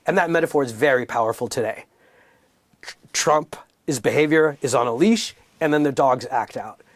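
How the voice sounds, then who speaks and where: A middle-aged man from Los Angeles talks as a comedian guest, driving his points home with animated, punchy comic emphasis. His voice sits at an ordinary pitch, and the recording is dry and close with no room sound. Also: normal speed, no room sound. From United States, raised in Los Angeles. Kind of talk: candid conversational interview.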